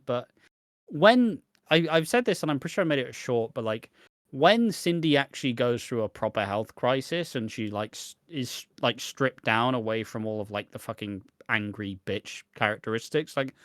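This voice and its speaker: A man's voice: mid-range voice, a bit bright, no echo. Laid-back man, dry close sound. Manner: laid-back, frequent restarts and casual swearing. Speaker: podcast co-host. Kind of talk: casual chat.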